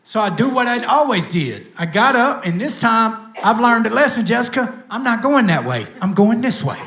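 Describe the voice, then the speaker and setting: A man, a recovery pastor telling his life testimony to a live audience with lively, self-mocking storytelling. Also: very high voice, normal speed, slight background noise. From Tennessee, USA. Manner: lively storytelling with self-mocking humor, addresses the crowd directly. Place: event stage with live audience. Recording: echoey room sound.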